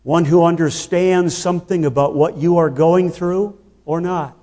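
Slow, emphatic male preacher in a hall. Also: a little high, steady tone, dark tone. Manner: slow, emphatic, rhetorical questions. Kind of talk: sermon.

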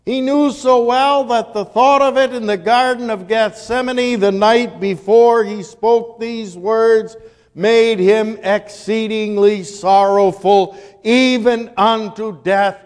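A man preaching a sermon in a slow, solemn way, rising loud and dropping to a hush. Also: sits high, fairly even intonation. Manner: slow, solemn delivery with dramatic swings from loud to hushed. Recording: long hall reverb.

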